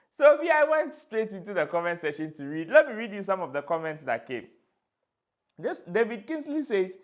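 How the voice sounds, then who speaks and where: A man's voice: high-pitched, sing-song, moderate pace. A man hosting a commentary show, reading viewer comments aloud with amusement. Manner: amused, laughs often while reading aloud. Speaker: host.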